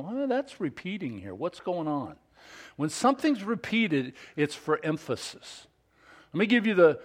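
A middle-aged man preaches as pastor in an easygoing, self-deprecating way, his voice sitting a little higher than most men's. He restarts sentences often and drops to near-mumbled asides before rising loud for emphasis. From Southern California. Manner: folksy and self-deprecating, with frequent restarts and big swings in loudness. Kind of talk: sermon.

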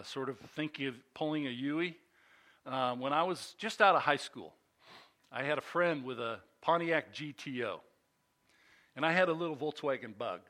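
High bright-voiced older preacher. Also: male voice. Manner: animated storyteller, chatty and self-mocking; frequent fillers and restarts. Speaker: pastor. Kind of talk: sermon with personal anecdote.

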